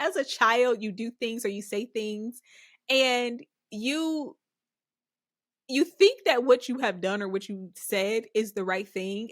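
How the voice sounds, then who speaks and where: A woman with a fairly high voice tells a story from her own life at a slow, easy pace, chuckling often between phrases. She is a podcast host, and her voice is recorded close and dry. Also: fairly bright tone, no room sound. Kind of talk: casual storytelling.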